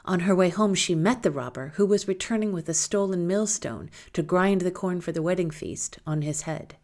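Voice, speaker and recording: A woman's voice: on the low side, normal speed. Woman reading a folktale aloud. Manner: lilting, expressive storytelling. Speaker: storyteller.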